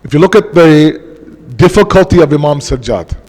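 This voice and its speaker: Guy giving a fervent mourning sermon, kinda high voice, big echoey mosque hall. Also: lively intonation, darkish tone. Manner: impassioned, slows down for emphasis. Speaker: majlis speaker. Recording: long mosque hall reverb.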